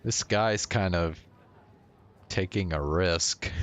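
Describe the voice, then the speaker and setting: A man's voice: low voice, drawn-out words. A male streamer reading a visual novel aloud and breaking off now and then for offhand remarks and chuckles.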